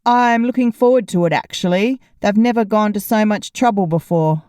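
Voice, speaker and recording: Lady doing a nice earnest dad, eager and friendly, mellow soft voice. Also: medium pitch, moderate pace, smooth, dry recording, studio quality, close to an everyday voice. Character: kind, eager man, proud father.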